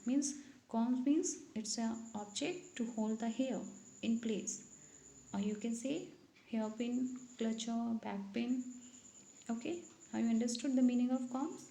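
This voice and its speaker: A woman's voice: fairly high pitch, vocal fry, mellow, echoey room, low-quality recording. A woman teaching English, who reads a story aloud and then explains its words in simple terms.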